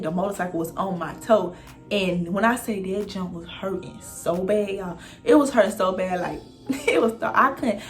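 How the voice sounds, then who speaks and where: A young woman recounts a story for her viewers in a loose, animated way, swearing freely and speaking straight to them. Her voice sits at a middle pitch, and faint music plays underneath. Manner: animated, profane, addresses viewers directly. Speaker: vlogger telling a story. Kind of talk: casual storytime monologue.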